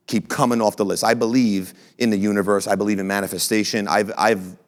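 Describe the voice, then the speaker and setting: A man in his younger years holds the floor at a business talk, spinning one story into the next with brash confidence. His voice sits at an ordinary middle pitch, and he talks with restless, boastful energy. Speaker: franchise CEO and speaker. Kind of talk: motivational talk to an audience.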